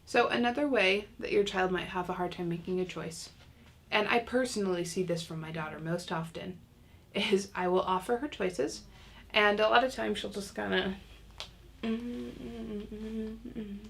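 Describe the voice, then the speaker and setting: Gravelly-voiced woman teaching parents. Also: medium pitch, moderate pace, slight background noise. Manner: casual, chatty, self-mocking humor. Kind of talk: recorded online lesson.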